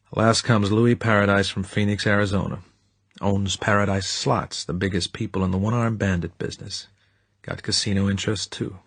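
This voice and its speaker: A man's voice: low voice, husky, no echo. A man voicing a touchy, menacing male hitman with a curt, threatening manner.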